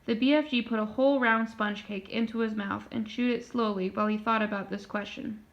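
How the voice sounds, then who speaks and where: A woman reading a children's book aloud in a steady, plain narrating voice. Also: fairly high pitch, fairly quick. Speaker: storyteller. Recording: dull lo-fi recording.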